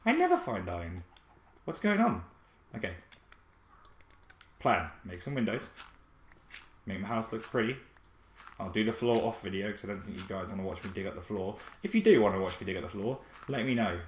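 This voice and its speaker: A young man giving excitable, chatty commentary while playing a game, talking to his pet dog and his viewers. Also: on the low side, fairly quick, long pauses, a little hiss or hum. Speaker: let's play gamer. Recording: echoey room with faint music.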